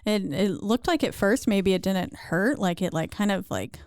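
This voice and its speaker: A woman's voice: medium pitch, expressive, normal speed, a little mellow, no room sound. Woman, podcast co-host, dry close sound, blunt chatty recap. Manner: chatty, blunt, casually profane. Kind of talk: casual movie recap chat.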